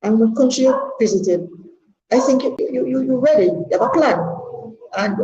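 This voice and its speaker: Older Jamaican woman, mellow and earnest. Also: on the high side, lively intonation, moderate pace. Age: 60s. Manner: earnest, rambling, repeats words for emphasis. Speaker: party member. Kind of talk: candid testimony. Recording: echoey room, dull lo-fi sound.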